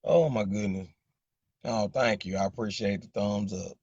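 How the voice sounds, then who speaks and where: A man's voice: fairly low pitch, moderate pace, a little mellow, breathy edge, no room sound, dull audio. A man with a Southern accent from Arkansas, rambling in a casual live chat with viewers and repeating "you know what I'm saying". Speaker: livestream host chatting with viewers.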